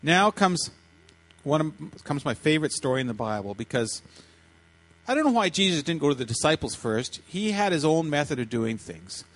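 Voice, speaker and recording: A man preaching a sermon, retelling a story in lively, animated fashion and acting out the voices with frequent restarts. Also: on the high side, moderate pace, low-quality recording. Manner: animated, acts out voices in quotes, many restarts. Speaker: pastor.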